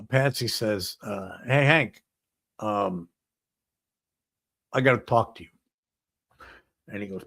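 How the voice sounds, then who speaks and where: A man hosting a talk show, telling a long anecdote in an animated, profane way. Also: low voice, creaky. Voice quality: animated, profane storytelling with many "he goes".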